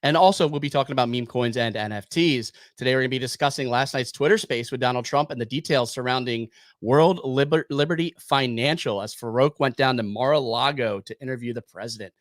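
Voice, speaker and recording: A man hosting a podcast, opening the show and chatting in a relaxed, loose way with fillers. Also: medium pitch, a little fast, no room sound. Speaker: podcast host. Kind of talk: casual crypto podcast chat.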